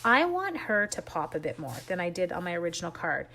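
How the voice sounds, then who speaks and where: A woman's voice: lowish voice, big pitch swings, brisk, bright, forceful tone. Chatty woman demoing a craft project. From Canada. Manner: chatty, self-deprecating, talks while working with her hands. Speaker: stamping and card-making demonstrator. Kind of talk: casual crafting tutorial.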